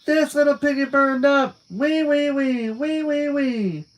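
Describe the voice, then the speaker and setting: A man voicing an unhinged teen girl patient who chants and shrieks in a shrill, squealing voice. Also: expressive, takes it slowly. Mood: shrieking. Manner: sing-song chanting, shouting.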